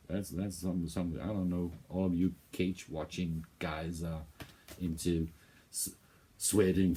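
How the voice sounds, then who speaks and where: A man's voice: low voice, warm tone, breathy edge. A man hosting a music reaction video, rambling in casual commentary and swearing freely.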